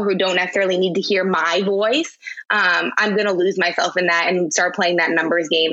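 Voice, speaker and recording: A woman's voice: mid-range voice, fairly bright tone, muffled recording. A woman blogger talking as a podcast guest, chatty, with lots of fillers and restarts. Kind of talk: casual interview chat.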